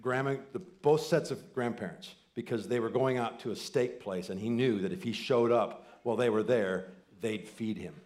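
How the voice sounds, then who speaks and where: A man in his forties preaching a sermon, telling family stories with quoted voices and swinging from loud excited bursts to soft, near-whispered lines. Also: medium pitch, moderate pace, few pauses. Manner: animated storytelling with quoted voices and asides. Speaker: pastor.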